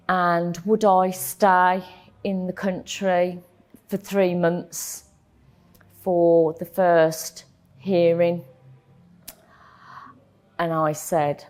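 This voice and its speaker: Slow, halting woman recounting an ordeal. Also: fairly low pitch, a little mellow. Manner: emotional, halting storytelling with frequent ums and repeats. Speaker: interviewee telling her own story. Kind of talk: personal testimony in an interview.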